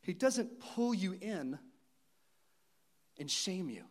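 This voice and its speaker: A man in his thirties, a pastor, preaching a sermon in an earnest, personal storytelling manner with pauses and restarts. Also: sits high, very animated.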